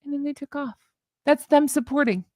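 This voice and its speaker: A woman's voice: high voice, brisk, no echo, clean studio sound. A woman hosting a casual commentary vlog, sarcastic and exasperated as she rants. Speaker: YouTube commentary host.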